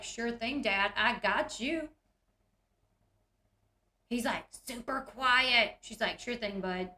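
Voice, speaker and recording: Woman, casual recap chatter, bright tense voice, echoey room. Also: fairly high pitch. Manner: chatty, giggly, retells scenes in quoted voices. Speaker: recap host.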